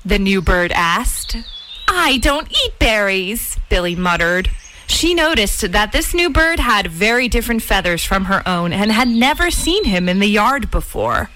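A woman narrating a children's storybook in an expressive, sing-song way. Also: medium pitch, normal speed, a little hiss or hum, rough recording. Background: soft music.

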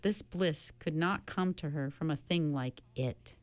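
Low-voiced, slow woman narrator. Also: no room sound. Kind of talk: audiobook narration.

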